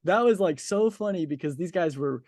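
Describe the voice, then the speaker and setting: A man's voice: a little high, animated, moderate pace, darkish tone, no echo, studio quality. A man in his twenties interviewing a guest in a casual, chatty way, laughing easily and using lots of filler words.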